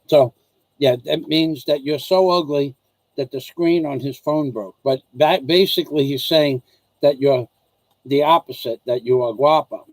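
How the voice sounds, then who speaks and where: Higher-voiced rambling American man. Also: a little slow, no echo, rough recording. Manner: repetitive, restarts sentences, acts out dialogue. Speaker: vlog host. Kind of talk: casual rambling rant to viewers and wife.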